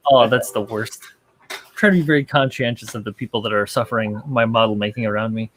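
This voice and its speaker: A man's voice: on the low side, fairly even intonation, fast talker, a bit bright. A young man hosting a model-building livestream in loose, rambling chat, full of fillers and casual swearing. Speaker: livestream host.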